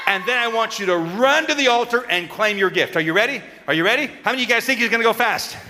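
High, animated man leading children. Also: fast talker. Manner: animated, coaxing, calls out to the kids. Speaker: children's sermon leader. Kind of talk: lively children's sermon with audience. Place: church sanctuary with children. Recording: long reverb in a large hall, faint crowd.

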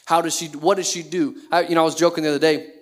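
A man's voice: a little high, little pitch movement, rapid-fire. A man in his thirties, a pastor preaching a sermon in a conversational way, full of rhetorical questions.

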